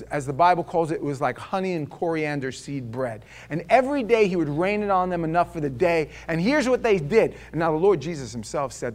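A man preaching a sermon. He swings between loud, emphatic declarations and quiet, low asides, and he asks the congregation rhetorical questions. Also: lively intonation, brisk, hardly any pauses.

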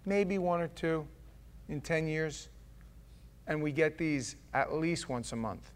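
A man's voice: a little high, slow, clear, resonant tone. A man preaching a sermon, joking and acting out the scripture with voices. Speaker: pastor.

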